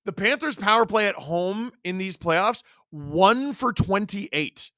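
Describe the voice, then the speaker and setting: A man hosting a live watch-along, calling the game play-by-play in an excited way and breaking into shouts on big plays. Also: high-pitched, slow pace, dry recording, studio quality.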